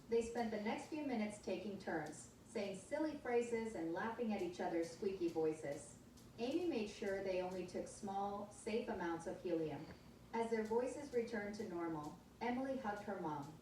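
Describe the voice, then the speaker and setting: Smooth synthetic woman narrating from afar. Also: mid-range voice, moderate pace, far from the mic, slight background noise. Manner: even, upbeat narration. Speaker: voice assistant. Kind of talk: scripted storytelling. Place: room with a smart speaker. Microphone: speaker recorded from across the room. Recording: echoey room, smart speaker heard from afar.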